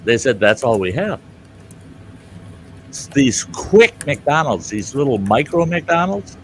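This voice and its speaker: An older man telling a story in casual chat, animated and loud, jumping into outraged voices for the people he quotes. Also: mid-range voice, a little slow, slight background noise. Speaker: show host telling a story.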